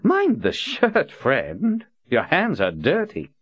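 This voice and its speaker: A man's voice: on the high side, wildly swooping pitch, takes it slowly, fairly bright tone, breathy edge, no room sound, voice pushed up, heavily acted. A man voicing a theatrical old prophet, silky and mocking. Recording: dull lo-fi audiobook recording.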